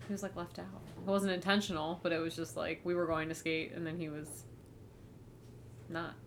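A young woman talks in loose, animated podcast banter, her voice sitting a little low for a woman. She leans on "like" and drops casual swears as she tells family stories. A faint rumble hums under the recording. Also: normal speed, vocal fry. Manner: chatty, animated storytelling with frequent "like" and swearing. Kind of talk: casual chat.

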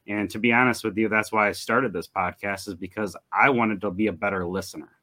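Earnest low-voiced male podcast host. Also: fairly even intonation, fairly quick, bright, forceful tone. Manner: earnest, repetitive, restarts often. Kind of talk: casual conversation.

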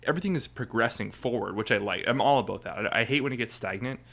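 A man's voice: medium pitch, fast talker, gravelly, a bit bright. A man co-hosting a podcast, chatting casually about an anime episode with many fillers and restarts. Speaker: podcast co-host. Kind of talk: casual chat.

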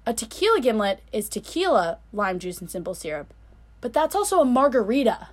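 A young woman co-hosting a podcast, chatting casually and telling animated stories in which she mimics other people's voices. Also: a little high, brisk. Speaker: podcast co-host. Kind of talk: casual chat.

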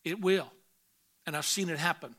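A man preaching a sermon who reads scripture aloud and swings between quiet asides and loud emphatic rises. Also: on the high side, normal speed. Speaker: pastor.

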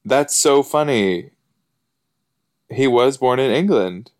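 A man giving casual, excitable commentary while watching an episode, chatty and full of fillers and gasps. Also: mid-range voice, slow pace. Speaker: podcast host reacting to an episode.

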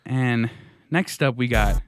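A man's voice: medium pitch, slow, soft background music. A man hosting a podcast, delivering a mock-outraged, sarcastic comedic monologue. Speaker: podcast host.

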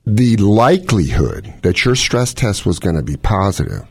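A man's voice: on the low side, sing-song, normal speed, husky, no room sound, clean studio sound. A middle-aged man, a cardiologist, explaining heart conditions in casual chat with analogies and quoted scenarios. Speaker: cardiologist host.

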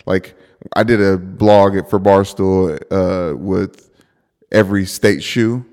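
A man co-hosting a podcast, riffing quickly in casual chat and dropping in pop-culture asides. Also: sits low, steady tone, a little mellow, long reverb tail. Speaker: podcast co-host.

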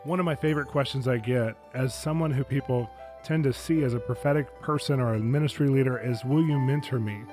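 A man's voice: mid-range voice, a little fast. Male podcast host over music. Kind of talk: interview with live audience. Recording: music playing behind voice.

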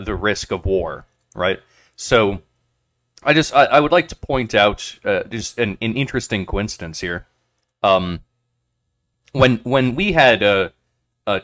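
Halting, cursing man on a podcast. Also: fairly low pitch, a bit bright. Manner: halting, many fillers and restarts, profane. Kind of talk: casual political chat.

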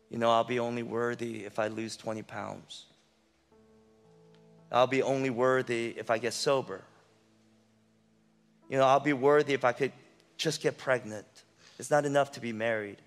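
A male pastor preaching a sermon with passion, swinging from loud emphasis to hushed intensity. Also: mid-range voice, steady tone, moderate pace, gravelly, long pauses, in a large hall, faint music behind.

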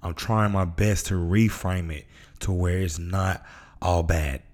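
A man's voice: low-pitched, steady tone, slow pace, a little mellow. A man from Memphis, hosting a casual motivational podcast monologue in a laid-back, slangy way. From Memphis, Tennessee. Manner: laid-back, slangy, acts out voices in stories. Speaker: podcast host.

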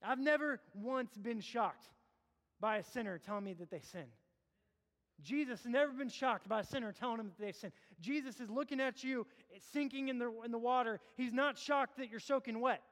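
A man preaching a sermon as a pastor, impassioned, swinging between loud urging and low hushed appeals. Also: moderate pace. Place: church sanctuary. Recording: long hall reverb.

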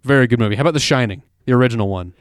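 Smooth-voiced man hosting a sports chat. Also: medium pitch, rapid-fire, no echo, clean studio sound. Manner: opinionated, emphatic about movies and football. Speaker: co-host. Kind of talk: casual sports podcast chat.

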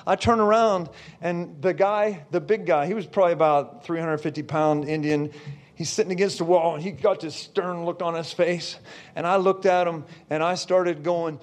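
A man preaching, telling a story with lots of check-ins to his listeners and building to shouts. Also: fairly high pitch, fairly even intonation, normal speed. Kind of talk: storytelling sermon.

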